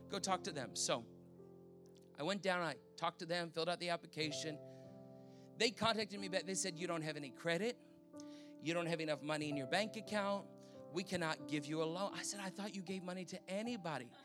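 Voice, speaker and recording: A Canadian man preaching, telling a testimony in a lively storytelling manner and acting out the people he quotes. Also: sits high. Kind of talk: sermon testimony.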